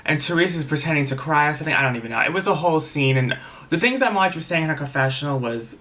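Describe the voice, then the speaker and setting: A man's voice: on the high side, animated, quick pace, sharp tone, slight background noise. A man casually recapping a reality TV episode, chatty and gossipy, swearing freely and saying "like" a lot. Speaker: TV episode reviewer.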